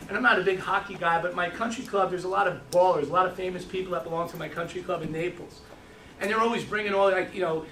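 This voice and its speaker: A man's voice: high-pitched, bright, forceful tone, a little hiss or hum. A middle-aged man giving a sales training talk to a group, telling stories in a rush, with many restarts. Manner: fast storytelling with lots of restarts. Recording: echoey room, mic from a distance.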